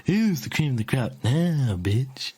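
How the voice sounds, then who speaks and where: A man voicing a gruff, guitar-playing male space hero in an improvised role-play. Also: medium pitch, sing-song, measured pace, warm tone, pitched above the performer's own voice. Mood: taunting.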